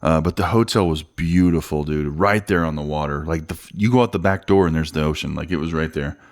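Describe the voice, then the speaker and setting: A man's voice: very deep voice, fairly quick. A man co-hosting a podcast in casual chat over drinks, laid-back, swearing freely and laughing through his stories. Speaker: podcast co-host.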